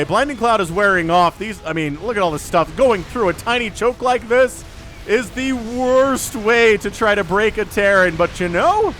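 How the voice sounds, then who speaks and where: A man casting a strategy game match solo, giving excitable play-by-play with jokey asides and little voiced quips for the units. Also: sits high, a little hiss or hum. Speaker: esports shoutcaster.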